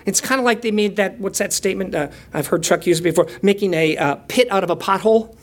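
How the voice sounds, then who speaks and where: A man preaching a sermon in a conversational, self-deprecating way, moving between quiet reflection and lively storytelling with playful asides. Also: high voice, fast talker. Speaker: pastor.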